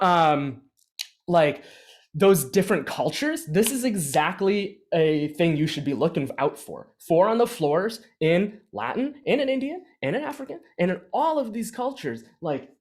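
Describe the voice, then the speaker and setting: A man leading a beatboxing workshop in a casual, energetic teaching style, full of fillers and restarts, speaking into his own microphone. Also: high-pitched. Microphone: own microphone with adjustable gain.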